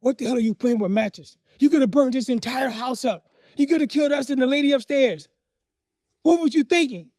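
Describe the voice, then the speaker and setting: A man's voice: sits high, fairly even intonation, fast talker, few pauses, warm tone, no echo, studio quality. A man voicing a furious father who barks curses and orders. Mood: angry. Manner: barking, cursing. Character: furious cursing father, stern and hot-tempered.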